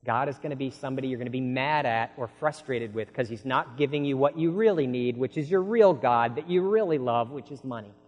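A man preaching a sermon, asking the congregation rhetorical questions and swinging from hushed lines to loud, urgent ones. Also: mid-range voice, a little fast, few pauses. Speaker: pastor. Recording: long hall reverb.

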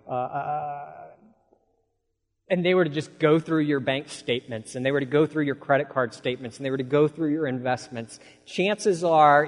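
A man preaching a sermon, asking the congregation rhetorical questions and swinging from hushed lines to loud, urgent ones. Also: medium pitch. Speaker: pastor. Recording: long hall reverb.

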